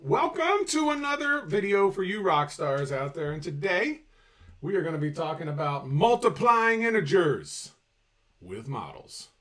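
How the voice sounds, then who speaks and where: A man's voice: high voice, measured pace, recorded from a distance. A man presenting an upbeat video math lesson, joking and talking straight to his viewers. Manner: energetic, jokey, talks to viewers directly. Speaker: math teacher.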